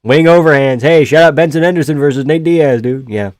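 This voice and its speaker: A man doing casual, profane live-stream commentary on a fight from a room in his house. He shouts at big moments and talks low between them. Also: brisk, dry recording, studio quality. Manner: excitable, profane, yells at the screen then chats quietly.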